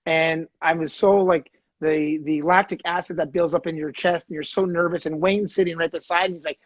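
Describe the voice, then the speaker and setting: High-voiced Canadian man telling stories. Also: a little fast, hardly any pauses, dry recording, dull audio. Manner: animated storyteller, acts out quoted voices. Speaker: podcast host, former hockey player. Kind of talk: casual storytelling chat.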